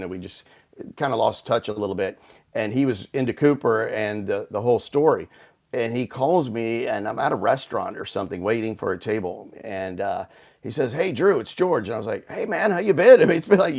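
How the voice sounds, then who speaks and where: Speaking with a fairly low pitch and a darkish tone, this man is a guest author from Houston, United States. Over a video call he rambles through a long story, restarting often and leaning on fillers, in a casual storytelling interview.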